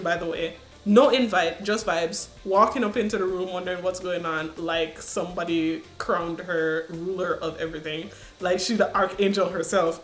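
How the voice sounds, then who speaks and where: A woman's voice: lowish voice, roomy sound. A woman casually chatting about a book she read, with slangy asides and frequent laughter. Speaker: book reviewer reading aloud.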